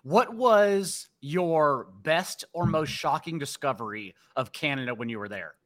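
Teasing Texan podcast host, bright voice. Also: male voice, fairly high pitch, expressive, unhurried. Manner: playful, teasing. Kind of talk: casual chat.

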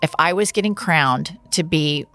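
A woman's voice: low-pitched, moderate pace, pushed and bright, dry recording. A woman co-hosting a casual chat, emphatic and opinionated.

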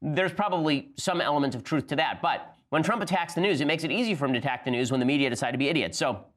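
A man hosting a political podcast, delivering fast, sardonic commentary in quick bursts. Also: a little high, fairly bright tone. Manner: rapid-fire, sardonic, talks in quick bursts. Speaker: podcast host.

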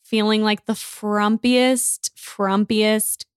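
A woman's voice: mid-range voice, very slow, clear, resonant tone, no room sound. Candid young woman, dry close sound. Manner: candid, expressive storyteller. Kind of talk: casual chat.

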